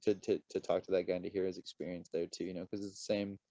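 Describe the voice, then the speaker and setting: A man as a podcast guest, a lively storyteller who swears casually in relaxed chat. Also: low-pitched, fast, no echo.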